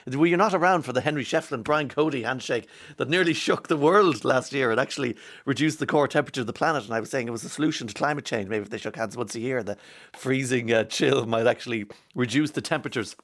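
A man's voice: mid-range voice, fast talker, fairly bright tone. An Irish man hosting a radio show, chatting casually and reading out listeners' texts with wry asides.

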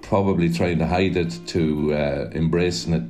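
A man from County Leitrim with a Leitrim Irish accent, a writer and actor musing slowly in an interview with some hesitations. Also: low voice, steady tone, darkish tone. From County Leitrim, Ireland. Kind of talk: reflective interview talk. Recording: guitar music underneath.

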